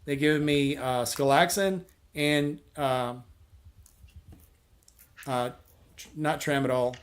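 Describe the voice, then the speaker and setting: A man's voice: mid-range voice, fairly even intonation, slow. A man hosting a casual chat with friends, telling a long rambling anecdote full of quoted dialogue and restarts. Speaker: host.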